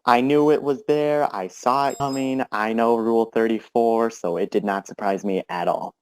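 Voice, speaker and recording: A man in a casual group voice chat telling how he became a fan, relaxed, with fillers, acting out his own thoughts. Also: medium pitch, moderate pace, clean tone. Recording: voice chat over headset mic.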